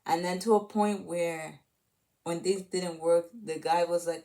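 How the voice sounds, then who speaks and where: A woman's voice: lowish voice, steady tone, measured pace, mellow. A woman retelling a movie in a casual, rambling way, full of fillers and restarts. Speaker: channel host.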